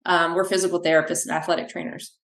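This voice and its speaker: Low-voiced woman, echoey room. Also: fast talker. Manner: animated, acts out quoted dialogue. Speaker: physical therapist, clinic owner. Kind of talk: podcast interview, conversational storytelling.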